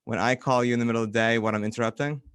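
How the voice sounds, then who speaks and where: A man hosts a relaxed online interview and pokes fun at his guest with quick questions. His voice sounds clean and resonant, and his pitch sits in the middle range. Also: clear, resonant tone. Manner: teasing, laughs easily. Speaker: interview host. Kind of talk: casual interview chat.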